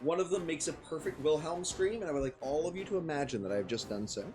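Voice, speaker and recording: Halting game master with lively voice. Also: male voice, fairly high pitch. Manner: hesitant, full of ums, laughs often. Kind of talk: narrating a tabletop game.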